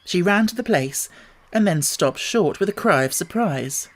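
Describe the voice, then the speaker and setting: A man narrating an audiobook with a steady, measured storytelling delivery. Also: sits high. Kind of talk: scripted narration.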